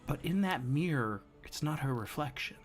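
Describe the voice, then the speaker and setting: A man running a live-streamed tabletop game as game master, narrating scenes slowly and dramatically. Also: on the high side, lively intonation. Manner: slow, dramatic descriptive narration.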